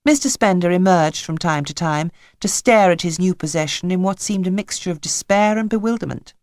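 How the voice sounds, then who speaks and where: A woman narrating a children's novel in an expressive, wry manner. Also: fairly low pitch, a little fast, dry recording, clean studio sound. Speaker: audiobook narrator. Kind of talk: scripted narration.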